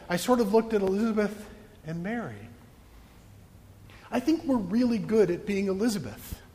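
A man's voice: high-pitched, a little mellow, long reverb tail. A male pastor preaching a sermon in a church, playful and joking with his congregation.

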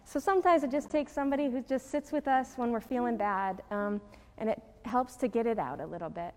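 A woman reading a picture book aloud to children, expressive, with playful asides. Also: a little high, brisk. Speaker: storyteller for children. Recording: long hall reverb.

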